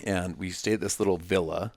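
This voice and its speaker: Low gravelly man, emphatic storyteller. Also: steady tone, fairly quick, dry recording. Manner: emphatic, storytelling, punchy repetitions. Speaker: podcast guest. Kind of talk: casual podcast conversation.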